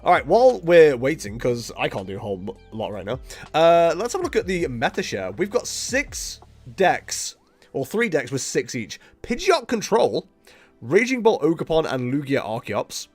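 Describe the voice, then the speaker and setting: Male streamer at home, rambling and self-mocking, with a lively, bouncing voice and faint music behind. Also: on the high side, normal speed. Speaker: streamer playing a card game. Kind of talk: casual live-stream commentary.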